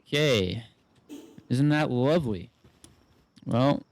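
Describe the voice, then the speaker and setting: A gaming YouTuber with a mid-range voice speaks slowly and pauses often. He gives casual let's-play commentary, swearing and venting while talking himself through the game. He sounds frustrated and curses a lot.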